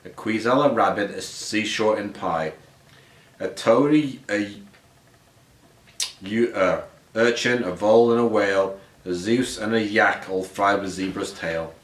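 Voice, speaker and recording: A man's voice: fairly low pitch, a little slow. A man reading a rhyming picture book aloud in a rhythmic cadence, with some slips and restarts. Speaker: storyteller. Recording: roomy echo.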